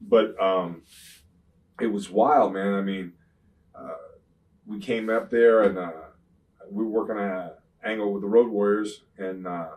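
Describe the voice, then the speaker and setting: An older man, a retired wrestler, telling rambling profane stories in an interview, often saying "you know what I'm saying" and getting loud when he retells fights. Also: fairly low pitch, unhurried, long pauses, recorded from a distance, low-quality recording. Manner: grows loud and animated when retelling confrontations. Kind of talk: shoot interview storytelling.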